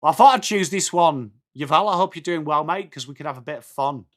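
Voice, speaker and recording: A man's voice: a little high, quick pace. An English man hosting a live football watch-along, calling the play and chatting to viewers. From England. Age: adult with children. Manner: chatty, switches between calling play and answering viewer comments. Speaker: live stream host.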